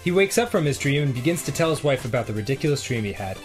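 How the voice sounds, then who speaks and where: A man telling dark jokes in casual banter, with a lively delivery and crude asides. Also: mid-range voice, very fast. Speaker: comedy show co-host. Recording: animated comedy show with faint music.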